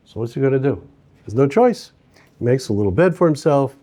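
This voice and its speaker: A man teaching a lesson through an animated, conversational story. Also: medium pitch, a little fast.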